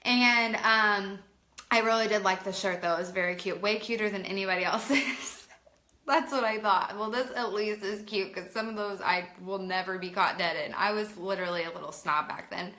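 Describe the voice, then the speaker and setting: A woman in her late twenties telling a personal story to camera in a chatty, animated way, with plenty of "like". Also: mid-range voice, moderate pace. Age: late 20s. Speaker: vlogger. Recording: roomy echo.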